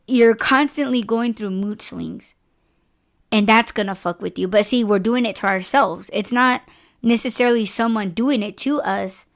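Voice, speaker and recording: Woman podcast host, kinda high voice, rambly and candid, cusses a lot. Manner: candid and expressive, swears freely, rambling. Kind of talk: casual podcast chat.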